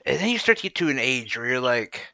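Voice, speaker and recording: A man's voice: medium pitch, big pitch swings, quick pace, vocal fry, pushed and bright, slight background noise. A man co-hosting a casual chat, joking about himself and laughing often. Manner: self-deprecating, laughs often. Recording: dull, lo-fi sound.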